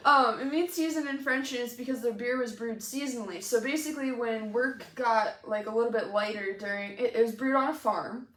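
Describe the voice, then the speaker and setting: A woman's voice: fairly high pitch, a little fast, few pauses, a bit bright. Chatty, laughing woman in an echoey room. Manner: chatty, filler-heavy, laughs often. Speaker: co-host of a homebrewing show. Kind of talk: casual chat while tasting beer.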